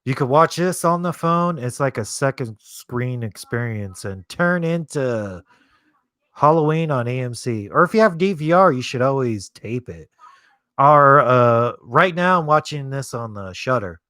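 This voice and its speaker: A man chats through a live movie stream in a loose, rambling way, dropping curses as he answers his viewers. His voice sits at a middle pitch. The sound is close and dry, with no room around it. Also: lively intonation, measured pace, sharp tone, dry recording. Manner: rambling, profane, reads chat aloud. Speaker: streamer hosting a movie watch-along. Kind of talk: casual live-stream chat.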